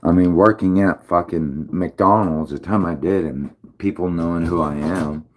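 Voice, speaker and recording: A man's voice: deep voice, normal speed, a little mellow, a little hiss or hum, low-quality recording. A man rambling through a live-stream monologue, sighing often, swearing heavily and sounding bewildered and aggrieved. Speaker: livestreamer.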